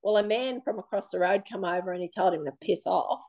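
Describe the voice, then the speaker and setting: A woman with an Australian accent, telling her own story in a blunt, animated, plain-spoken way during an interview. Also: medium pitch, brisk. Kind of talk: casual personal storytelling.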